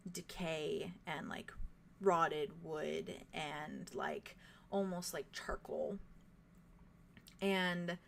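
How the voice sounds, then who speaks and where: Gravelly low-voiced woman game master. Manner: descriptive, many fillers like "like" and "kind of". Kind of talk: narrating a tabletop game.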